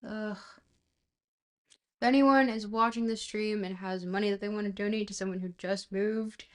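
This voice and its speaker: A woman's voice: medium pitch, fairly even intonation, normal speed. A woman streamer chatting casually with viewers, talking in loose bits that trail off and restart, and laughing at herself. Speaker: livestreamer reading a book aloud. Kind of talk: casual livestream chat.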